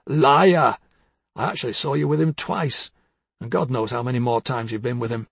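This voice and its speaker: A man's voice: medium pitch, fairly even intonation, moderate pace, vocal fry, breathy edge, no echo, pitched below the performer's own voice. A man reading as a bitter, jealous husband. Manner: bitter, accusing, swings from hushed to harsh. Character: bitter, jealous older husband, bullying and weary. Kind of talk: dramatic audiobook reading.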